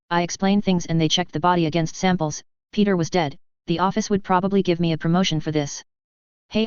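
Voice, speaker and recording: Even-toned woman reading a story. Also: on the low side, smooth, dry recording. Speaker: narrator. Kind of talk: fan fiction audiobook reading. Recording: dull dry lo-fi audio.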